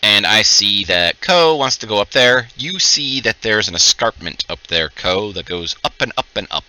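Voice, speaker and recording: A man serving as game master, with a low voice and a very bright, edged tone. His pitch moves widely as he lays out the map and the rules step by step. The sound is dry and close to the mic. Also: expressive, moderate pace, poor audio. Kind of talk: running a tabletop game.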